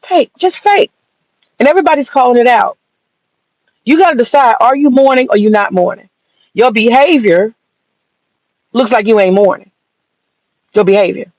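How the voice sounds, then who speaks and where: Long pauses break up her profane opinion rant, delivered at a moderate pace in a fairly high, darkish voice. A sassy Southern commentator, she's blunt and mocking, and the sound is dry, dull, and lo-fi.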